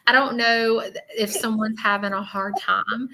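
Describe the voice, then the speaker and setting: A woman's voice: a little high, steady tone, unhurried, sharp tone, rough recording. A woman with a Southern US accent giving a live psychic reading, reassuring and repetitive, often checking in with "okay?". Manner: reassuring, repeats herself, keeps asking okay. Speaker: spiritual medium.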